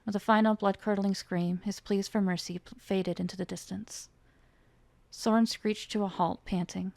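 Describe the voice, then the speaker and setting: A woman reads a chapter of her own dark fantasy novel aloud, her voice carrying a gravelly creak. She pushes her voice up for the characters' lines. The sound is dry and close, with no room around it. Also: medium pitch, fairly even intonation, moderate pace, no room sound. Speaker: author reading her own book. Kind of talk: dramatic fiction reading.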